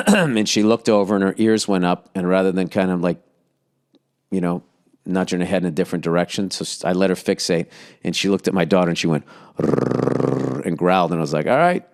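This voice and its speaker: A man with a somewhat low voice tells a casual story as a podcast host. He rambles, full of filler words and the odd swear word, and sounds fond as he looks back. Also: fast talker. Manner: fond and reminiscing.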